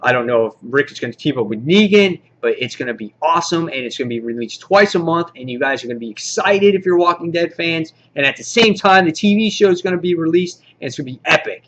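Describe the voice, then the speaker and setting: A man casually reviewing a comic book, rambling excitedly and acting out the characters' lines. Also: fairly high pitch, fast, hardly any pauses, dull audio.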